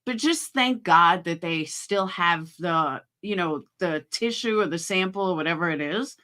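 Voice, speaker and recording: A woman's voice: on the low side, a little slow, pushed and bright. A middle-aged woman hosting a livestream at home, talking in a frank, chatty way and swearing freely. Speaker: livestream host. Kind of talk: casual livestream chat.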